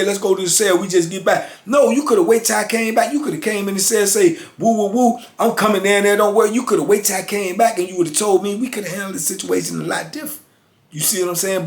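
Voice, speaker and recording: A man in his fifties hosting his channel, telling a story casually and acting out both sides with street slang. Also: high voice. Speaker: channel host. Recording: roomy echo.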